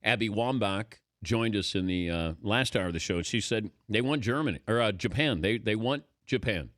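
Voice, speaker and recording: A man's voice: lowish voice, moderate pace, a bit bright, no echo, clean studio sound. A man hosting a sports talk radio show, interviewing a guest with playful, joking questions.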